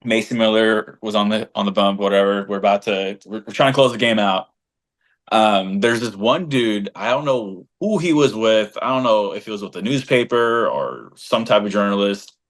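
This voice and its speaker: A man co-hosting a casual podcast as a fan group leader, telling stories in an animated, blunt and slangy way. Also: on the low side, moderate pace.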